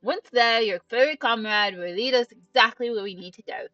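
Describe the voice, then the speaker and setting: A woman voicing a calm, thoughtful scholarly advisor, explaining things in a measured way. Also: a little high, no echo, pitched above the performer's own voice. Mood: guiding. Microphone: headset mic. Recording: dull, distant, dry, game music behind.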